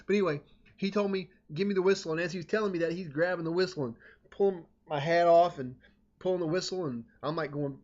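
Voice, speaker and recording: Man, slightly high voice, rambling and animated anecdote teller, dull lo-fi sound. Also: fast. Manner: rambling, self-interrupting, animated. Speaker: storyteller. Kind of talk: casual anecdote telling. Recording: dull lo-fi recording.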